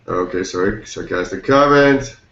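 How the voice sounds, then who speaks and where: A man's voice: low voice, expressive, moderate pace, a bit bright, slight background noise. A man hosting a casual group chat, loose and laughing, thinking aloud with lots of fillers. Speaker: chat host. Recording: echoey, dull call audio.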